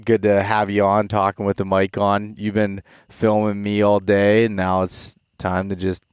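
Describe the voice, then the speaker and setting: A young man hosting a podcast, talking in a loose, rambling way with many restarts. He sounds tired and a little stuffed up, and his low voice is smooth and clear. The recording is close and dry. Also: monotone, normal speed, no echo. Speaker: podcast host. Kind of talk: casual chat.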